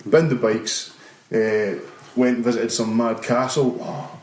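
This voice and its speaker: A man's voice: medium pitch, unhurried. A Scottish man hosting a podcast, chatting casually and telling stories with lots of swearing. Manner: swears freely, lively storyteller. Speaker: podcast host. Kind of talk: casual chat. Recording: roomy room echo.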